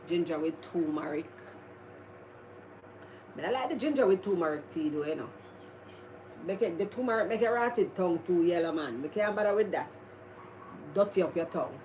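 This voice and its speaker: Jamaican woman, live stream host, rambling casual chat, noisy background. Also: deep voice. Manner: chatty, rambling, laughs often. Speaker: livestream host.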